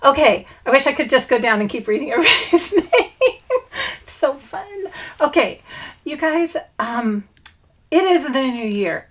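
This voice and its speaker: A woman's voice: fairly high pitch, a bit bright. A middle-aged woman hosting a casual scrapbooking livestream from her home craft room, bubbly and chatty as she greets viewers by name.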